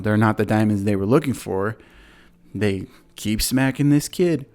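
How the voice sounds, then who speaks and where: Low-voiced man rambling through a recap. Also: darkish tone. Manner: rambling, many fillers, acts out quotes. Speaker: podcast host. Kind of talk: casual movie recap.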